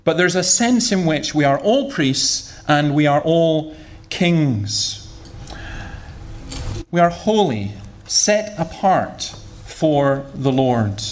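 Preacher, chatty and joking. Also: male voice, fairly high pitch, expressive, slow pace. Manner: conversational, humorous storytelling, repeats words. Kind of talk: sermon.

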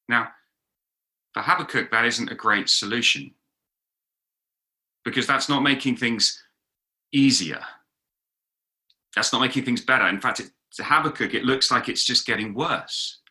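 A man in middle age preaches with a very bright, ringing tone. He tells stories briskly and slips into the voices of the people he quotes, then returns to his plain preaching voice. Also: medium pitch. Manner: lively storytelling with acted-out quotes. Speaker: pastor. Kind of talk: sermon. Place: talk recorded for an online gathering.

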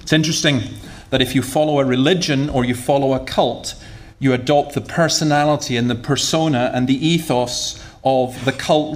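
A man preaching a sermon in a conversational, humorous way, often repeating words as he goes. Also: medium pitch.

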